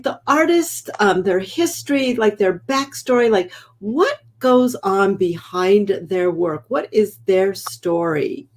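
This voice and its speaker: A woman co-hosting an online interview over a video call, gushing and enthusiastic, filling her speech with "like". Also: fairly high pitch. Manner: gushing, lots of "like" fillers. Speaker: co-host. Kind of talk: casual interview chat.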